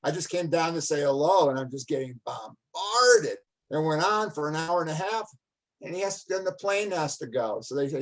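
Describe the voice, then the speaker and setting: An older man, a guest, telling a story in an animated, casual way and laughing often. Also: on the high side, moderate pace, poor audio.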